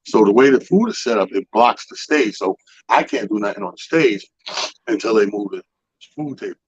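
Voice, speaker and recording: Male radio host, animated profane storyteller, husky and dry. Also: fairly low pitch, moderate pace, no echo, dull audio. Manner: animated storyteller, acts out people's quotes, profane. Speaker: comedy show organizer. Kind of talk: casual storytelling chat.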